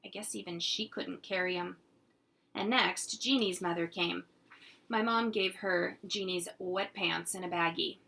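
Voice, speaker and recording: Slow husky teacher reading aloud. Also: female voice, on the low side. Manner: gentle, unhurried storytelling. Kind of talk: children's read-aloud.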